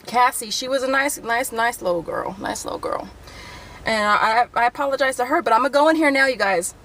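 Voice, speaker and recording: A woman's voice: a little high, fairly quick, a bit bright, low-quality recording. A woman vlogging a couponing storytime from her car, heated and profane, acting out both sides of the argument. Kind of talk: angry storytime rant to camera. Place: in a parked car.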